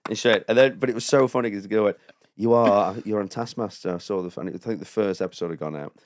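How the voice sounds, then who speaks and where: A man chatting as a podcast guest, telling lively stories, laughing often and imitating other people. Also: lowish voice, fast. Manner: animated storyteller, laughs often, mimics others. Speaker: comedian guest. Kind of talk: casual chat.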